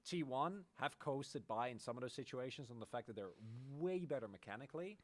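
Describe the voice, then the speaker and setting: A man chatting casually on an esports panel, quick to agree and throw in jokes. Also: mid-range voice, animated. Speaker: esports analyst.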